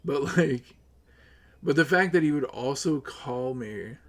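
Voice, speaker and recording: A man streaming live, ranting with lots of swearing, upset and close to tears, swinging between loud outbursts and low mutters. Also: animated, slow. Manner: profane, agitated, swings between yelling and muttering. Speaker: livestreamer.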